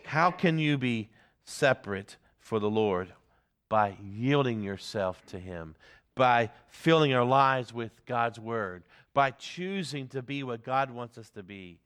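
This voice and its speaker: Male pastor, sermon, earnest, loud emphasis then soft questions, mid-pitched voice. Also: expressive, takes it slowly, clean tone. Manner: earnest preaching, swings between loud emphasis and quiet reflection.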